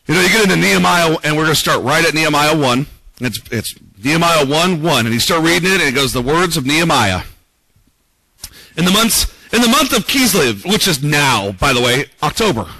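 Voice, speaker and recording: Bright high-voiced man preaching casually. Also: dry recording, poor audio. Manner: conversational preaching, reads scripture aloud, rhetorical questions. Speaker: pastor. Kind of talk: sermon.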